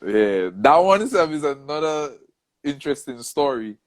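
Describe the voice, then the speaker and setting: A man's voice: on the high side, moderate pace. A man telling a long story in a casual interview and acting out the voices of the people in it. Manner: animated storyteller, acts out quoted voices. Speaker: soca artist, interview guest.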